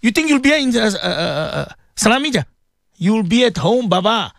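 A high-voiced middle-aged man, hosting talk radio in a studio. He rambles with feeling and turns often to his co-host and his listeners. The sound is dry and close. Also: very animated, normal speed, vocal fry, a bit bright, no echo. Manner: emotional, rambling, addresses co-host and listeners directly.

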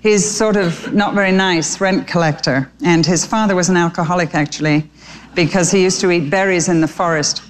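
A woman preaching through a story in a chatty, animated way. Her voice sits a little low, and she moves between explaining and narrating. A faint ambient hum stays behind her. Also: brisk. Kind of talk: storytelling sermon.

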